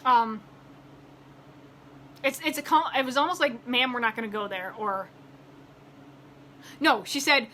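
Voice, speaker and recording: A woman's voice: fairly high pitch, a little slow, pauses often, bright, forceful tone, a little hiss or hum. A woman vlogger telling a story in a casual rant, acting out both sides of a phone call and rising in exasperation when heated.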